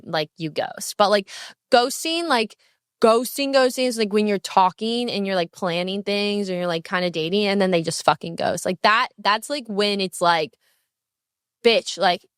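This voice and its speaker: A young woman hosts her own podcast, chatting in a brash, candid and profane way, her pitch swinging up and down as she tells a story. Her voice is smooth and full, and it is recorded close and dry, with no room sound. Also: fairly bright tone, dry recording. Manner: swinging pitch and bursts of speed. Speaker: podcast host. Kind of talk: casual solo podcast chat.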